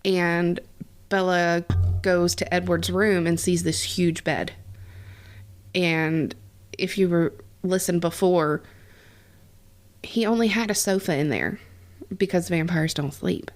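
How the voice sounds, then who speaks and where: Low-voiced woman in casual chat. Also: fairly even intonation, slow. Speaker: podcast co-host. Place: home kitchen.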